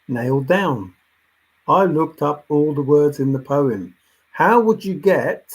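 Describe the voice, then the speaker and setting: Brief: male solo commentator, slightly high and husky, preachy rant that swings quiet to loud. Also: very animated, a little slow, poor audio. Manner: lecturing, insistent, repeats himself, swings between soft and loud. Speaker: treasure hunt commentator. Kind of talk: ranting monologue.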